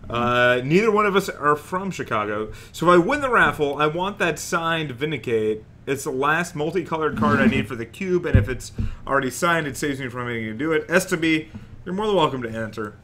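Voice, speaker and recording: A man's voice: a little high, lively intonation, a little fast, sharp tone, a little hiss or hum. A man from North Carolina commentating a card game stream, bantering and joking with his co-host. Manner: joking, laughs often, playful banter. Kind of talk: casual chat between matches.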